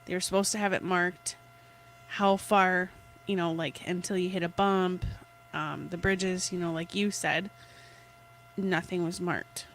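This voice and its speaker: A woman hosting a livestream, chatting casually and telling stories in an animated way. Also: fairly low pitch, measured pace, slight background noise, rough recording. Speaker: livestream host. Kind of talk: casual chat and storytelling.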